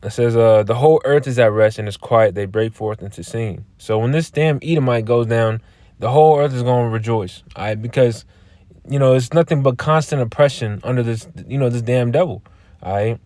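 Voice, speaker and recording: Halting man teaching scripture informally. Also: medium pitch, mellow, no echo. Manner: halting, repeats words, ends phrases with "all right?"; blunt, profane. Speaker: religious teacher.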